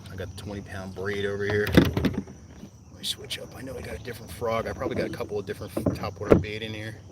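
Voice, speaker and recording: A man's voice: fairly low pitch, level tone, fast talker, recorded from a distance. Laid-back man streaming from a kayak. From New Jersey. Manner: laid-back, rambling, talks to viewers while fishing. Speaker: fishing streamer. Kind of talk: casual live-stream chat. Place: kayak on a lake outdoors. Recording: outdoor noise, insects.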